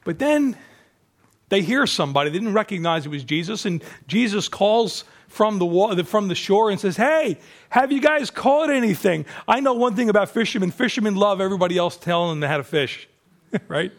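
A man preaching a sermon, animated, acting out the disciples' voices and dropping to a hushed, slow voice for emphasis. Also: high-pitched. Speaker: pastor.

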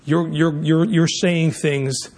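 Guy preaching a sermon, gravelly and raspy, keeps restarting his words. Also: a little high, steady tone, takes it slowly, a little mellow. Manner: emphatic preaching with frequent restarts.

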